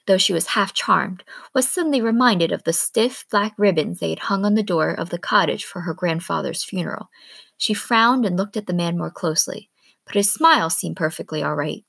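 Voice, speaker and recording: A woman reading a novel aloud in a calm, steady storytelling manner. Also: on the low side, vocal fry, husky, no room sound. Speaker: reader.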